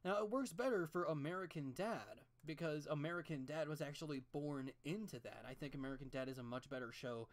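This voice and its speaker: This art streamer has a voice of middling pitch and talks into a desk mic while drawing at home. They wander off into long, profane rants, backtracking and restarting sentences as the thoughts come. The delivery is loose and conversational. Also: brisk, hardly any pauses. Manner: rambling, profane, ranting with restarts. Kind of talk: casual rambling commentary while drawing.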